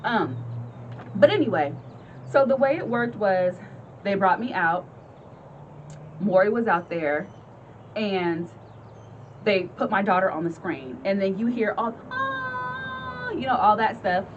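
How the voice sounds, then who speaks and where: A woman in her thirties casually telling a story to her viewers, animated and chatty, acting out voices and often laughing. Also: medium pitch, unhurried, long pauses, lo-fi sound, a little hiss or hum. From California. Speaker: vlogger telling a personal story. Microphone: phone camera.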